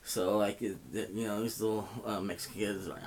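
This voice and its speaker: A man's voice: fairly low pitch, fairly quick, slight background noise. A man telling a story in a casual, rambling way, swearing often and filling gaps with "you know.". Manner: profane, rambling, heavy with fillers. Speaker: vlogger.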